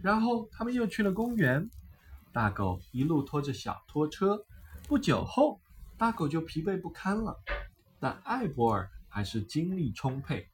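A woman reading a children's picture book aloud in a slow, expressive, deliberate way. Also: sits low. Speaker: storyteller.

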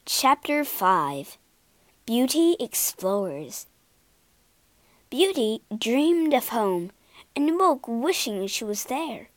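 Woman reading a kids storybook, slow and bouncy, dry close sound. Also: fairly high pitch, no echo. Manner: slow, lively expressive reading. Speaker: storybook reader.

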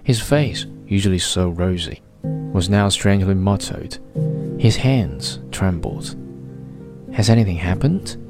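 A man reading a novel aloud in a measured first-person narration. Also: low-pitched. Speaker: audiobook narrator. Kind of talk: scripted narration. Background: faint guitar music.

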